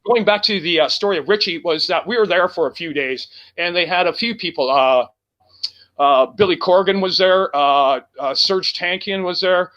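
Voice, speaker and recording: Bright, high-voiced swearing rock singer. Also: male voice, moderate pace, highs cut off. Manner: rambling and profane, heavy with fillers. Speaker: guest, rock band singer. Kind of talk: casual road-story chat.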